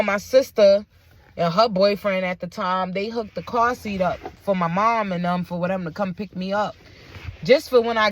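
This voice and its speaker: A woman's voice: medium pitch, no echo. A woman telling a personal story on her vlog, emphatic and blunt, with frequent asides to her viewers. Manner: blunt and profane. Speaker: vlogger.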